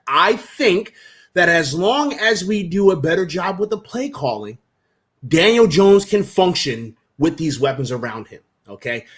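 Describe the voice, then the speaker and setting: A man co-hosting a casual sports talk show, animated and repeating himself for emphasis. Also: on the high side. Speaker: podcast co-host.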